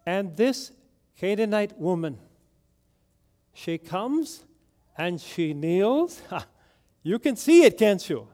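Guy preaching a sermon, kinda high voice, slow and dramatic, lots of questions to the crowd. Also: sing-song, darkish tone. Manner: dramatic storytelling, rhetorical questions to the congregation.

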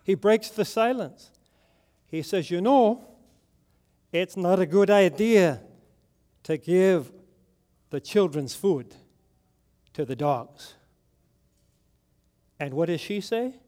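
High-voiced, slow-speaking male preacher. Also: expressive, dark tone. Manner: dramatic storytelling, rhetorical questions to the congregation. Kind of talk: sermon.

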